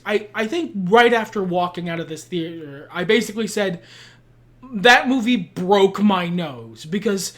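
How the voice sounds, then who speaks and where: A woman co-hosting a podcast, ranting emphatically about a film in casual chat and swearing freely. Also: mid-range voice. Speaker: podcast co-host.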